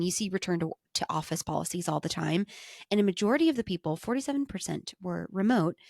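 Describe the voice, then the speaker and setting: Chatty young woman with a gravelly low voice. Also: dry recording, studio quality. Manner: chatty, enthusiastic, lots of fillers. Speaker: podcast co-host. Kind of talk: casual chat.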